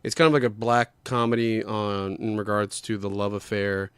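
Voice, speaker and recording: A man's voice: lowish voice, level tone, moderate pace, smooth, dry recording. A man co-hosting a podcast, chatting casually in a rambling way, swearing often and groping for names. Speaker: podcast co-host. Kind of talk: casual chat.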